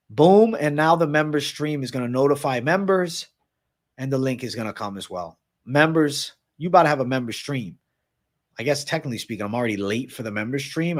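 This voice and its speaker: A man hosting a live stream, talking casually and loudly to his viewers, swearing a lot while he shadowboxes and gets out of breath. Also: mid-range voice. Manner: hyped, profane, shouting out viewers.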